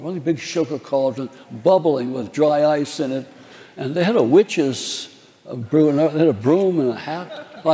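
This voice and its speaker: An older man tells anecdotes from a theater stage in a chatty, laughing way, acting out the people he quotes. His voice sits a little high for a man. A long reverb from the big hall trails behind every phrase. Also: warm tone. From New Orleans, Louisiana. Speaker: stage storyteller recalling his career. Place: large theater.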